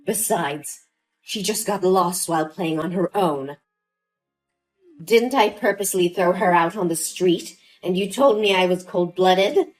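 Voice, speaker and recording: A woman's voice: lowish voice, a little slow, faint music behind, natural voice. A woman voicing a scheming, cold-hearted older mother-in-law who talks with scorn and dismissiveness, in a dramatized story. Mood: contemptuous.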